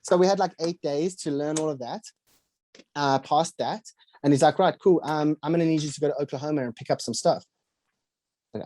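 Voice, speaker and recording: Speaking quickly in a mid-range, dark-toned voice, this young South African man tells his life story as a podcast guest. His delivery is loose and talkative, sprinkled with fillers and imitated quotes from others, with no echo in the audio.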